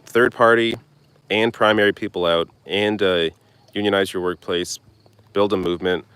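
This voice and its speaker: A young man with a deep, low-pitched voice reads viewer comments aloud and answers them on a live stream. He talks bluntly and casually, tossing in the odd swear. He's recording outdoors. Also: steady tone, moderate pace, a bit bright, smooth, no echo. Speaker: political commentary host. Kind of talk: live stream Q&A reading chat.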